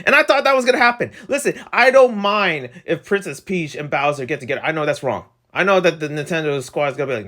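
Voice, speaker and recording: An excitable young man reviews a video game in a loose, rambling way. His voice sits a little high for a man, and he talks full of fillers and quick jumps in pitch.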